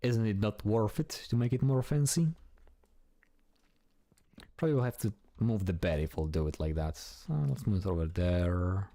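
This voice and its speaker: Mellow-voiced man narrating his gameplay. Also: on the low side, moderate pace, dry recording. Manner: chatty, talks to himself while building, swears casually. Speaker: gameplay streamer. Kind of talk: casual gameplay commentary.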